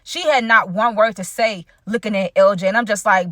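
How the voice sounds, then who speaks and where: A young woman telling a storytime vlog in an animated, chatty way, talking straight to her viewers. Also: mid-range voice, brisk, few pauses, no room sound, studio quality. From United States. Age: young adult. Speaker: vlogger.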